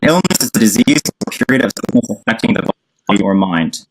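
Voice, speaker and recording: A livestream debater with a lowish voice and lively intonation talks fast during a heated call. He argues insistently, reads definitions aloud, and cuts in over the other person.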